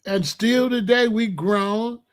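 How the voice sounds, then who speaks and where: A show host in his late sixties speaks slowly and smoothly, his voice sitting high with a steady tone. He shares family stories in a casual, boastful, streetwise monologue, using plenty of slang.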